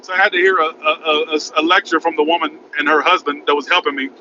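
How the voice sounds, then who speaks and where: Man, casual vlog story, rambling and frantic, fairly high voice, muffled sound, road noise behind. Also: fairly even intonation, quick pace, sharp tone. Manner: rambling, frantic, repeats "oh my God". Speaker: vlogger. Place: in his car by a highway.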